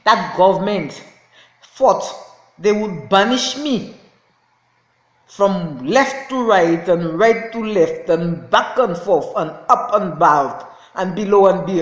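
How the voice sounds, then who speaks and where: A woman with a lowish voice, calling herself a prophetess, delivers an impassioned, repetitive rant to camera, laughing in anger. She is indoors, lying on a floor, and the audio is reverberant.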